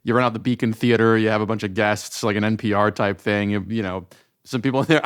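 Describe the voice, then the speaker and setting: A man co-hosting a podcast, bantering in an animated way. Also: medium pitch. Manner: animated, quick. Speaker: podcast co-host. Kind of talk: casual banter.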